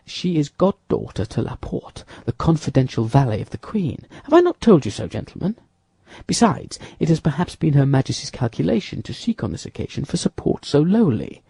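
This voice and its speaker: A shrewd young musketeer gives brisk orders, read by a man. His voice is lively and husky, with a mellow tone. It sounds dry and close to the mic. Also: a little high, no room sound, pitched above the performer's own voice, heavily acted.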